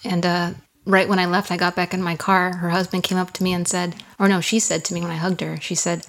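A woman's voice: fairly low pitch, level tone, quick pace, hardly any pauses. A young woman on a podcast as a guest, telling a personal story in an earnest, candid way and often repeating her words.

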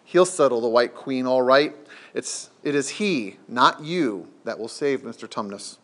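A man's voice: mid-range voice, animated, measured pace, lightly acted. A man voicing a talkative, gloomy male beaver while reading a storybook aloud. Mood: eager.

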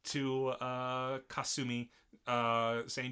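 Man, casual recap chat, bright forceful tone, breaks into high character voices. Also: fairly quick. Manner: animated, acts out characters in high squeaky voices.

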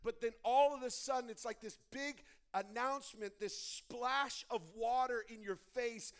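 A young man delivers a sermon in a fairly high voice. He talks in an animated storytelling way, often restarting his sentences. His energy rises and falls as he builds toward his point. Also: normal speed, clean tone. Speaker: pastor.

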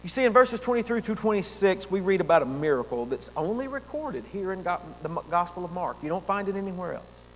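A man with a high voice preaches an earnest expository sermon and slows down to lean on the words that matter. His voice rings with a long reverb, as in a church sanctuary. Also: very animated, a bit bright, slight background noise. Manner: earnest preaching, slowing down to stress key words. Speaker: pastor.

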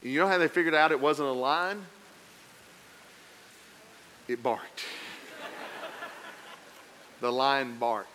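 A man preaching a sermon, telling a story with lively swings between loud emphatic passages and quiet, low asides. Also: slow, pauses often, a little hiss or hum. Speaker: pastor.

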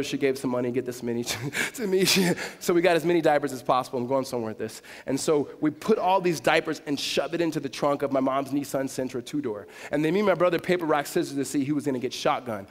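A man preaches a sermon in the middle of his voice range, telling a personal story. He drops to near whispers and then rises to loud, high emphasis. A long hall reverb trails every phrase. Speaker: pastor.

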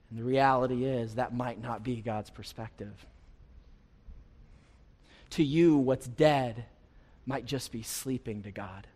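A man preaching a sermon as a pastor, conversational with light humor, swinging from quiet stretches to loud, rising passages. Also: mid-range voice, steady tone, measured pace. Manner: preaching with wide swings in loudness, rising to near-shouts. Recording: long hall reverb.

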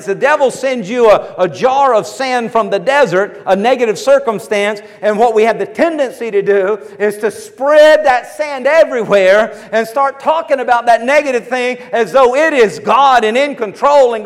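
A male pastor delivering an emphatic sermon, driving his points home by repeating lines and asking his listeners if they hear him. His voice sits very high for a man. The sound rings out with a long, echoing hall reverb. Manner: fervent, emphatic, repeats phrases, calls out to listeners.

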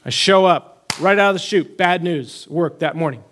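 A young adult man pastor telling a personal story in a conversational sermon, animated and rising when he proclaims scripture. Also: high voice, normal speed, a little hiss or hum.

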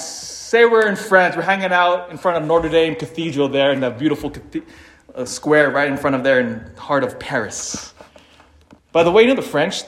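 Male preacher, slightly higher voice, animated sermon delivery with loud peaks and hushed asides. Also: roomy sound. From Philippines (family). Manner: animated, dramatic swings between loud emphasis and quiet asides.

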